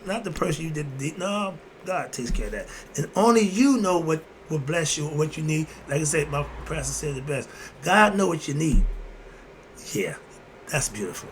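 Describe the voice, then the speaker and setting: There's a little hiss or hum behind this man's fairly high voice, which has lively intonation and a moderate pace. As host, he delivers a casual, preachy philosophical monologue, posing and answering his own questions, chuckling frequently, and saying "moving on" between points.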